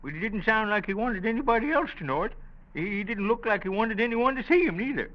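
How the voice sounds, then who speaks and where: An actor playing a shrewd, folksy old small-town postmaster in a 1930s radio drama, drawling and chatty. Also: male voice, high-pitched, lively intonation, quick pace. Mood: confiding. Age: older. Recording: dull lo-fi old radio recording.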